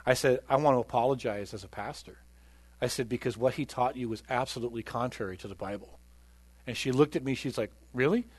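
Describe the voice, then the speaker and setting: A middle-aged man, a pastor telling a personal story in a sermon, conversational, with hushed quiet stretches. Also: medium pitch, fast, husky, no room sound. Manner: conversational, drops to a hushed voice for quoted moments.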